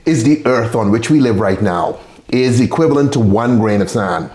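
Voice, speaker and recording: A man hosting a casual podcast, swinging his pitch up and down as he rants loosely and swears freely. He stumbles and restarts often, and the room around him adds a clear echo. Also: normal speed. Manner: loose, profane and animated, with restarts. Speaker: podcast host. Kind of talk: casual chat.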